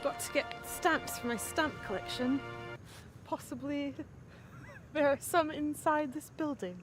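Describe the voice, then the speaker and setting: A woman's voice: sits high, unhurried. A woman faking a posh British accent, playfully drawing her words out as she chats while travelling. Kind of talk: casual chat on camera. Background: background music.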